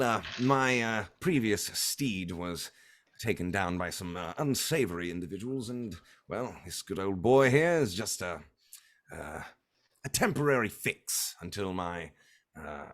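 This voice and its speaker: A courteous male mage on official patrol, polite and formal, often tripping over his words, as a man puts him on. The voice sits somewhat above the performer's own low pitch. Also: lively intonation, a little slow, a bit bright, heavily acted. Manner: polite, formal, a little fumbling.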